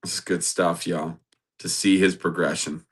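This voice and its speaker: Guy preaching a bible lesson, bright voice, keeps repeating stuff for punch. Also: low voice, little pitch movement, normal speed, slightly rough. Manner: builds to emphatic repetition; reads scripture aloud. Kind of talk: sermon-style Bible teaching.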